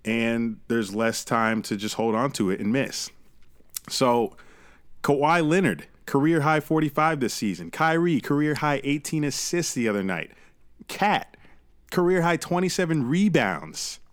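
Male podcast co-host, casual and profane, dry close sound, mid-pitched. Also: no echo. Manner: animated, swears freely, quick asides. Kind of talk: casual sports chat.

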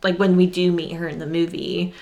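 A woman's voice: fairly low pitch, level tone, brisk, dark tone, highs cut off. A woman co-hosting a casual film podcast, chatty and full of fillers. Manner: chatty, many fillers, quotes scenes in shrieky voices. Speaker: podcast co-host. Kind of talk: casual chat about films.

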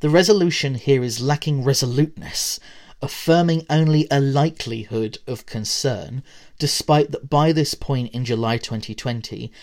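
A man's voice: moderate pace, a little mellow. A man hosting a podcast, reading a prepared essay aloud with quotes and brief casual asides. He lifts his voice at each new point and lets it fall away at the end. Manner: rises in pitch and volume at new points, then trails off. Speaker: podcast host.

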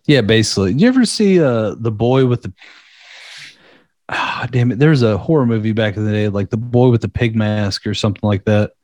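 A man co-hosting a podcast, rambling casually and swearing as he tells a dark story. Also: on the low side, lively intonation, fairly quick, no echo. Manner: rambling, profane, laughing at dark material. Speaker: podcast co-host.

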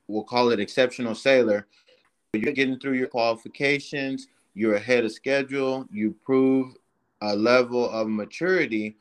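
A man co-hosting a casual podcast chat, explaining his points in a slow, measured way. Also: medium pitch. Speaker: podcast co-host, submariner.

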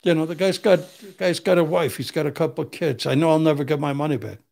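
With a fairly high, slightly mellow voice marked by vocal fry, an older criminal defense attorney talks fast. His casual stories are blunt and profane, and he acts out people's words.

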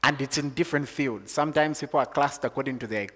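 A man from Zambia preaching a sermon, moving from calm teaching to loud, excited preaching. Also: mid-range voice, quick pace, in a large hall.

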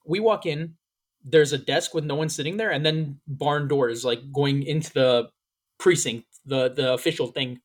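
A man with a slightly high voice tells a long story on a podcast, swearing often and bringing the story to life. He talks in a loose, casual way and slips into the voices of the people he quotes. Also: moderate pace. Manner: animated, profane, acts out quoted lines. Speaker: podcast host.

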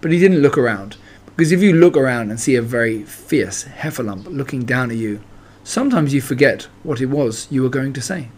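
A man reading a children's story aloud in a gentle, expressive way. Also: mid-range voice, fairly quick.

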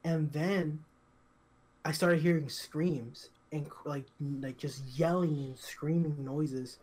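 A young man co-hosting a podcast, telling a story in casual chat, halting and repetitive, full of fillers and restarts. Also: a little high, fairly even intonation, a little mellow, a little hiss or hum. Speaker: podcast co-host.

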